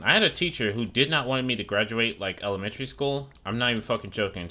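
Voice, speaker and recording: A man's voice: on the low side, pushed and bright. A young man streaming a video game, chatting in a rambling, profane, sarcastic way. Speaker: gaming streamer. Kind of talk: casual chat while gaming.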